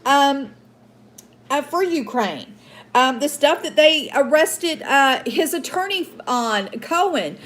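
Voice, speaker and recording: A woman's voice: high voice, a bit bright. A woman hosting a political commentary show, ranting indignantly at her viewers with many fillers and restarts. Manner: indignant, outraged, addresses viewers as guys. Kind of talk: opinion rant to viewers.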